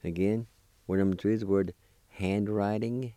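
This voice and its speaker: A man teaching a language lesson, spelling words letter by letter and slowly repeating each syllable. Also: lowish voice, fairly even intonation, dark tone, no room sound.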